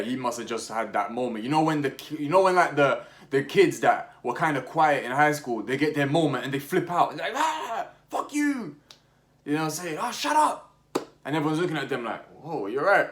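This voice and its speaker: Slangy young man chatting football. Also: medium pitch. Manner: slangy, animated, many restarts and fillers. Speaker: football podcast host. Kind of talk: casual opinionated chat.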